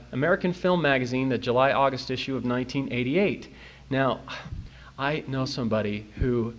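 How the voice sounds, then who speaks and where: A man speaks at a church youth talk, recorded before an audience, with a mid-range voice and the highs cut off. He's an animated storyteller who acts out the people he quotes using funny voices.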